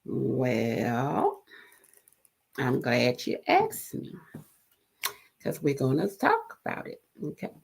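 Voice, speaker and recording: Middle-aged woman, host, low gravelly voice, unhurried encouraging talk. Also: huge pitch swings. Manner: slow and gentle, with many fillers and restarts.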